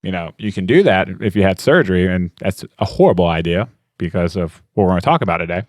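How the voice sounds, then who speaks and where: A man's voice: low-pitched, expressive, fast talker, no echo, studio quality. A man hosting a podcast, telling a story in a rambling, casual way, often asking "you know what I mean" and laughing as he talks. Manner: laughs often while talking. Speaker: podcast host.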